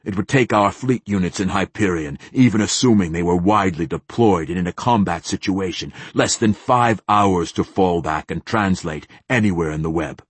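Guy doing a curt deadpan admiral, low husky voice, dry sound. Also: normal speed, few pauses, no echo. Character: cold, clipped middle-aged male fleet admiral.

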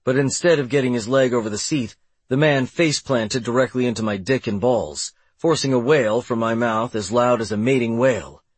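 A man's voice: medium pitch, normal speed, husky, no echo. A man narrating a first-person audiobook in a wry, sardonic way.

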